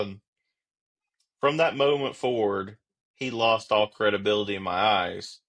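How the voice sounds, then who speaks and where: A man who is a police officer and podcast guest, explaining his views in a steady, reflective way. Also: lowish voice, a little slow, long pauses. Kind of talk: casual conversational interview.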